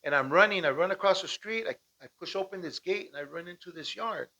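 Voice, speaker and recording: A man from Southern California tells his story in a loose, animated voice that sits on the higher side. He keeps checking in with "right?" and acts out the shouting. The home recording sounds dull and muffled. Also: fast talker. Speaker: storyteller recounting a personal escape. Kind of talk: casual spoken storytelling. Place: at home with dogs nearby.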